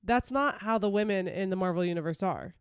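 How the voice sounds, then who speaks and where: A woman's voice: mid-range voice, smooth, no room sound, clean studio sound. A woman co-hosting a podcast in casual chat, opinionated and teasing. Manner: opinionated, teasing, quick to mock. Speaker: podcast co-host.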